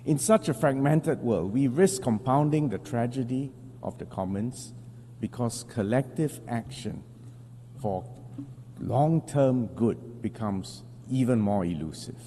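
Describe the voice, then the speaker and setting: A man, a foreign minister, delivers a formal speech at an international assembly in a measured, deliberate way, pausing for emphasis and correcting small slips. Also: mid-range voice, lively intonation, dark tone. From Singapore. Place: large assembly hall. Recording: long hall reverb with faint hum.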